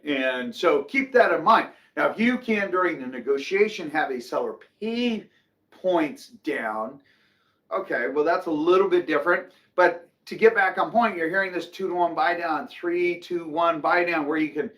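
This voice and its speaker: A middle-aged man hosting a casual real estate market update, chatty and opinionated, often acting out what people say. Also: fairly high pitch. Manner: animated, chatty, opinionated, acts out quotes. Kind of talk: casual market commentary to camera.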